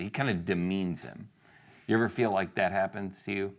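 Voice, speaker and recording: A man with a deep, low-pitched voice delivers a sermon in a loose, conversational style. He keeps asking rhetorical questions and briefly acts out the voices of the people in the story. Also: fairly quick, fairly bright tone. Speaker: pastor.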